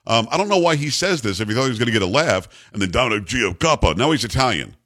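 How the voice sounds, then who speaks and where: A man's voice: mid-range voice, fast. A middle-aged American man hosting a talk radio show, sarcastic and opinionated as he riffs with his co-host. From United States. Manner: animated, sarcastic, riffing with a co-host.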